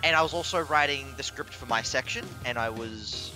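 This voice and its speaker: Bright-voiced man telling a story. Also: medium pitch, fairly quick, soft background music. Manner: animated, laughs and swears while telling a story. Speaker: stream commentator. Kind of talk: casual storytelling chat.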